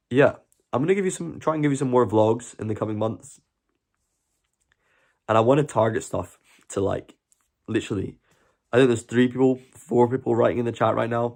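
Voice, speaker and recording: A man's voice: lowish voice, vocal fry, a little mellow. Earnest Scottish man chatting on a stream. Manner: earnest, rambling, talks to chat. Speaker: live stream host. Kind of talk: casual live stream chat.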